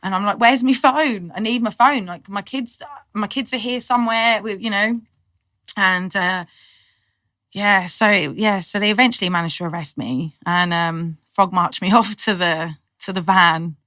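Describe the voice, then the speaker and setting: A middle-aged woman, a podcast guest telling her story in lively, casual talk, acting out what people said and laughing often. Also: mid-range voice, measured pace, no room sound. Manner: animated storyteller, acts out quotes, laughs often. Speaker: guest, cannabis activist.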